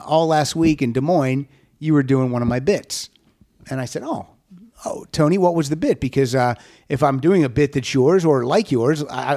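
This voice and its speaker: A man's voice: medium pitch, warm tone. A middle-aged man, a comedian, telling a story in casual chat and laughing through it. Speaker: comedian guest.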